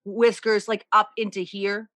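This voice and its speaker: Candid bright-voiced woman podcast host. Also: medium pitch, flat delivery, measured pace, no echo. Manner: candid, emotional storytelling. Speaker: book club podcast co-host. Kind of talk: casual chat.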